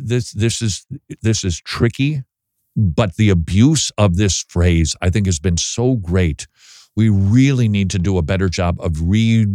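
A man's voice: lowish voice, a little mellow, no echo, studio quality. A middle-aged man hosting a casual Christian talk show, chatty with wry asides, sometimes stumbling over his words. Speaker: podcast host.

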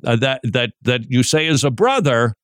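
A man teaching in a sermon style, animated and joking, with many rhetorical questions. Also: mid-range voice, moderate pace, no room sound, studio quality.

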